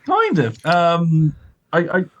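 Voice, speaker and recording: A man's voice: on the high side, huge pitch swings, slow, fairly bright tone, no echo, dull audio. A man chatting casually about film history as a podcast co-host, rambling with lots of fillers and hedges.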